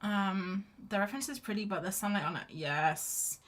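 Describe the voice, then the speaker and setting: A woman's voice: mid-range voice, normal speed, a bit bright. A young woman chatting in a rambling, casual way while she sketches on a livestream, with lots of fillers and restarts. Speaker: livestream artist.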